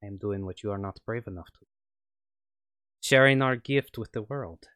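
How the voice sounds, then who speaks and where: A man's voice: on the low side, moderate pace, a bit bright, no room sound, clean studio sound, natural voice. A man voicing a scheming French woman scientist with a wavering put-on French accent. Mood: cold, reasoning.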